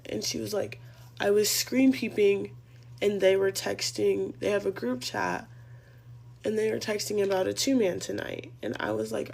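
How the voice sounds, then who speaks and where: Young woman, chatty storytime vlogger, gravelly fry, faint hum behind. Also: medium pitch. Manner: chatty, rambling, profane. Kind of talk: casual storytime vlog.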